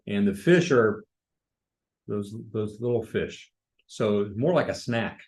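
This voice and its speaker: A man's voice: fairly low pitch, slow pace, a little mellow, low-quality recording. Male Bible study leader, informal, asks the class questions. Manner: informal, with fillers and restarts, asks the group questions. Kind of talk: conversational Bible study teaching.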